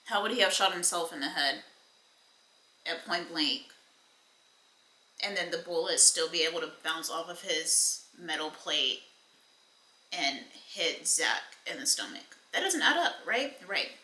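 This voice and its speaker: A woman's voice: deep voice, measured pace, pauses often, bright, forceful tone, echoey room, poor audio. A woman giving a casual, chatty recap and review of a TV episode, full of fillers and blunt asides. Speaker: TV recap vlogger.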